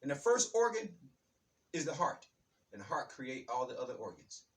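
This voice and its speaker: A man's voice: fairly high pitch, big pitch swings, normal speed, distant mic. A man hosting his own channel, delivering an emphatic, repetitive spiritual monologue that often addresses listeners as "baby". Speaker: channel host.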